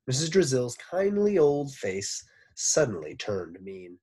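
A man, a teacher, reading a children's book aloud with expressive narration. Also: medium pitch, measured pace, breathy edge. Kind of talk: storybook read-aloud.

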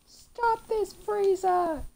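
A woman mimicking a furious young male warrior hero in shrill, high-pitched yells while playing a video game. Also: drawn-out words, gravelly, exaggerated voice, rough recording. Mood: outraged. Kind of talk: quoting a game character during a let's play.

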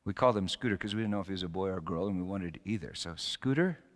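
A middle-aged male pastor preaching a sermon, telling stories with sudden loud bursts and quiet drops. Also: deep voice, steady tone, rapid-fire, in a large hall.

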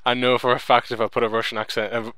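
A man's voice: mid-range voice, little pitch movement, quick pace, pushed and bright, clean tone, no echo. A man commenting as a friend plays a video game, dry and teasing. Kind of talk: casual let's-play chat.

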